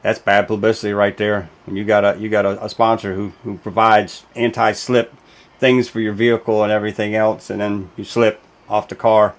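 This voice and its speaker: Chatty low-voiced racing show host. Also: male voice, little pitch movement, moderate pace. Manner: chatty, emphatic, with frequent fillers and restarts. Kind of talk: casual commentary video.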